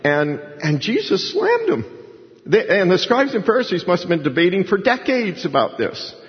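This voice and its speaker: A man's voice: high-pitched, huge pitch swings, moderate pace. A male pastor delivers an expository sermon in a plain, conversational voice, stopping and restarting as he leans on key words. His voice rings with the long reverb of a large hall. The recording sounds dull and lo-fi. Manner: conversational, folksy preaching with restarts and emphasis.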